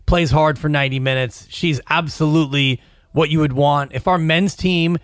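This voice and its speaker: A man's voice: a little high, steady tone, moderate pace, clean tone, no room sound. A man hosting a sports talk show, chatting casually and reading quotes aloud with dry asides.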